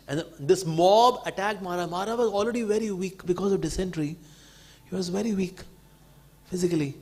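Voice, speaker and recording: Brief: male devotee speaker, slightly high voice, lively storyteller. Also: fairly quick. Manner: animated, acts out quotes.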